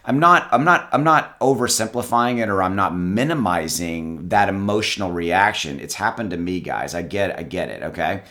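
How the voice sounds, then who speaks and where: A man's voice: low voice, expressive, moderate pace, few pauses, sharp tone. A man vlogging casual investing advice to his viewers, talking loosely with many restarts and calling them guys. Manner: conversational, repeats words, addresses viewers as guys. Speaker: crypto YouTuber. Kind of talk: casual direct-to-camera advice. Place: home with dogs.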